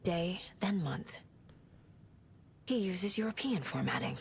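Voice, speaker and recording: A woman's voice: fairly low pitch, lively intonation, takes it slowly, gravelly, breathy edge, full character voice. An actress voicing a blunt, wry woman detective in a video game, delivering dry, matter-of-fact remarks.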